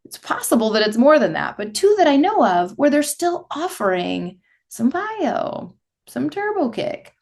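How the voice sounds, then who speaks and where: A woman's voice: sits high, sing-song, a little slow, darkish tone. A woman hosting a podcast, a fitness instructor trainer speaking in a chatty, candid monologue and laughing easily. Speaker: podcast host. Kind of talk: casual monologue.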